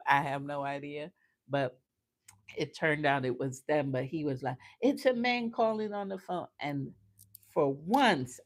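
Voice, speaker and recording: Slow-talking low-voiced woman host. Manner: animated personal storytelling, laughs often; earnest, faith-filled. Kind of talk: casual chat.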